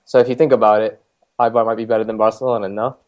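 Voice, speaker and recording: A man's voice: on the low side, little pitch movement, very fast, darkish tone. A man co-hosting a football podcast, reading out weekend results in a jokey, casual way. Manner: jokey, chatty. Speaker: podcast co-host. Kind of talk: casual chat recapping league results.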